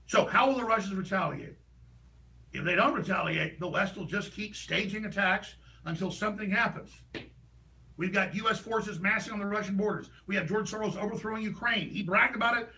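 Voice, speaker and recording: A man delivering an impassioned, ranting political monologue as a talk show host, heated and rapid with sudden bursts of shouting. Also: high voice, far from the mic, poor audio.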